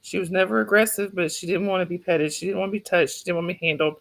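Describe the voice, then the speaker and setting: This livestream host is a Southern woman from North Georgia, USA, with a low, gravelly voice and a North Georgia accent. She talks at a racing pace in casual, chatty conversation, laughing often and talking to her pets and child. She's recorded at home on a phone mic.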